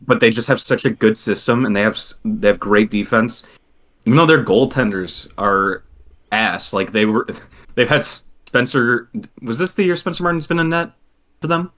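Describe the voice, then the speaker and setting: Man, podcast co-host, casual chat, bright edgy tone, animated, laughs often. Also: mid-range voice, normal speed.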